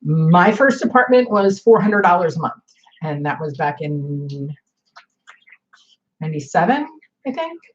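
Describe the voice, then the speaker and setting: Chatty mom vlogger, lo-fi sound. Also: female voice, sits low, big pitch swings, measured pace, long pauses. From northern United States. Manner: chatty, rambling, many fillers. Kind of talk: casual chat.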